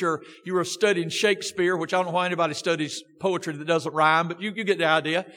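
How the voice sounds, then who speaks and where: Baptist-style pastor, high-pitched man, emphatic scripture reading, long church echo. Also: fairly bright tone. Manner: emphatic, reads scripture with feeling, rhetorical questions. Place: church sanctuary. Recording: long church-hall reverb.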